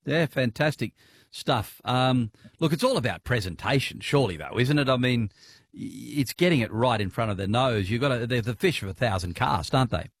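A man's voice: mid-range voice, expressive, brisk, no room sound. Aussie radio guy chatting, lots of ums, laughs easy, dead dry studio sound. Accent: Australian. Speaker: radio host. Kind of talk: casual radio interview.

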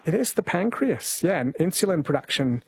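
A man's voice: on the high side, big pitch swings, moderate pace, creaky, a little mellow, breathy edge, no room sound. A man hosting a talkback radio quiz, friendly and easygoing with callers.

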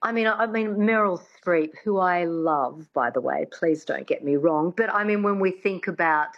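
A woman's voice: fairly low pitch, moderate pace, muffled recording. A woman working as a dialect coach, answering interview questions in a chatty way, often restarting with "I mean".

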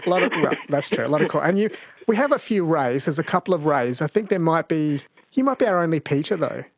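A man hosting a casual radio chat and quiz, chatty and quick to laugh along with callers. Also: fairly high pitch, sing-song. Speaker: radio host.

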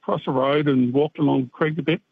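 A man calling in to tell a story, unhurried and full of fillers. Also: fairly high pitch, fairly even intonation, gravelly, breathy edge, no echo. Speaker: caller. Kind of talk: storytelling on a call-in. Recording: tinny phone line.

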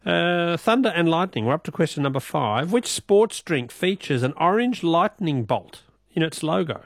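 A man's voice: fairly high pitch, very animated, moderate pace, creaky, no room sound. Aussie radio quiz guy, laughs a lot, dry studio sound. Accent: Australian. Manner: laughs often, playful teasing. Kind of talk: casual radio talk.

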